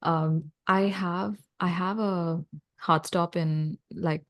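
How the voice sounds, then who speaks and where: A woman guest on a video-call interview, making quick, friendly asides in casual talk. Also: on the low side, fairly even intonation, crowd noise.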